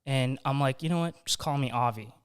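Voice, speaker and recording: Clear-voiced young man telling a rambling story. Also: mid-range voice, a little fast. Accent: American. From England. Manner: rambling storyteller with many fillers and restarts. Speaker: podcast host. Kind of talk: casual chat. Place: basement studio.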